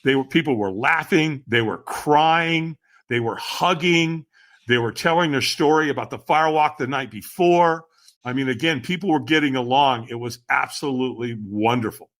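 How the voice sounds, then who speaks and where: A man's voice: mid-range voice, moderate pace, fairly bright tone. A middle-aged man telling a personal story as a podcast guest, enthusiastic and acting out the lines he quotes. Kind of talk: animated storytelling.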